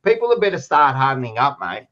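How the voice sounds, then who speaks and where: A man's voice: medium pitch, sing-song, fast talker, a bit bright, highs cut off. An Australian man co-hosting a football podcast, ranting bluntly and swearing as he argues his point. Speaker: podcast co-host. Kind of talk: heated footy banter.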